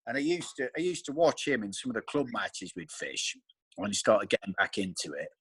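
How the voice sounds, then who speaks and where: Animated man telling stories. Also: lowish voice, brisk, breathy edge, no echo. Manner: animated storyteller, acts out friends' voices. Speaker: regular angler on the chat. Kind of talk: casual video call chat. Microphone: video call.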